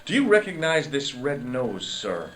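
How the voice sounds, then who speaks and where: Wry adventurer hero. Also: male voice, medium pitch, very animated, measured pace. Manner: dry, wry narration and questioning. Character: wry young male adventurer posing as a doctor. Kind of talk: video game voice acting.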